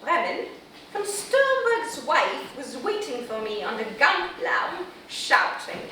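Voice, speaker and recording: A woman's voice: high voice, sing-song, sharp tone, very echoey, distant mic, slight background noise, full character voice, low-quality recording. A woman playing a teasing glamorous film star. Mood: wry. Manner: wry, playful, laughing often, drawn-out delivery. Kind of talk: staged theatrical monologue. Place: small theater stage.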